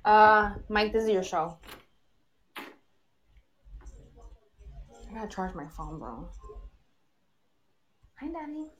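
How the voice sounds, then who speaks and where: A woman's voice: medium pitch, very animated, takes it slowly. A woman hosting a casual podcast from home, chatty and laughing, chatting while she eats. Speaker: podcast host.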